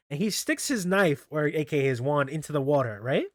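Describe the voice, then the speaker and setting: A man's voice: fairly high pitch, animated, fairly quick, few pauses, no room sound, studio quality. A man casually recapping comic chapters for his channel, rambling with lots of fillers and restarts. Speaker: manga review channel host.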